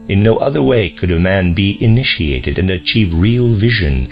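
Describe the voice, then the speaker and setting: A man reading a lecture aloud in a slow, deliberate, solemn manner, on a dull lo-fi recording. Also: low-pitched, lively intonation, music in the background. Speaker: audiobook reader.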